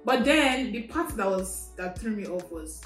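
A woman's voice: mid-range voice, animated, measured pace. A woman guest on a podcast in casual chat, telling a story with fillers, acting out quoted messages in an amused tone. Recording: echoey room with faint music.

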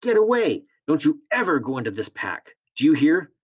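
A man's voice: fairly high pitch, big pitch swings, moderate pace, breathy edge, muffled recording, pitched above the performer's own voice. A man voicing a fierce, secretive woman living in the bush who shrieks in fury. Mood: shrieking fury. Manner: shrieking, furious.

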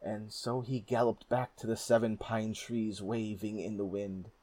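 The clip is a folk tale read aloud by a man whose voice is low and a little husky. He narrates with measured steadiness and a storybook calm.

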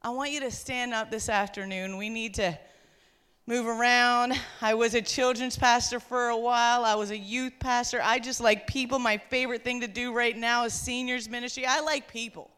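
A woman's voice: a little high, steady tone, normal speed, a bit bright, clear, resonant tone. A woman with a Newfoundland accent, a pastor preaching fervently at a women's conference. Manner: fervent, exhorting. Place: large room with an audience.

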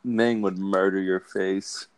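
A man's voice: low voice, steady tone, slow, clear, resonant tone, no echo. A man co-hosting a wrestling podcast, talking loosely and swearing freely in casual chat. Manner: laid-back, swears freely, loose rambling delivery. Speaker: podcast co-host.

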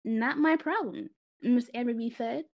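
A woman's voice: on the high side, unhurried. A woman co-hosting a podcast, chatting casually and laughing often as she recaps. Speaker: podcast co-host. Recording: dull lo-fi audio.

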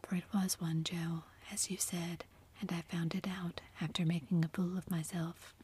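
A woman voicing an earnest, remorseful young man in love, in a soft, pleading, heartfelt whispered role-play. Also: lowish voice, little pitch movement, normal speed, a little hiss or hum, lightly acted. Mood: tender.

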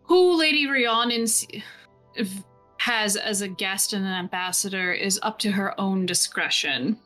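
A woman voicing a calm, dignified older lord who speaks in a measured way. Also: medium pitch, faint music behind.

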